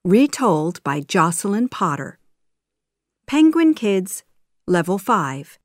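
A woman narrating a graded reader story, reading slowly and carefully for learners. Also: medium pitch, very animated, dry recording, studio quality.

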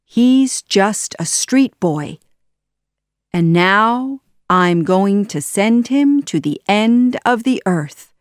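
A woman's voice: mid-range voice, animated, very slow, no room sound, studio quality. Jafar, a woman doing a gloating villain. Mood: sneering. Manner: threatening, gloating, raised voice. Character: scheming male sorcerer villain, cruel and gloating.

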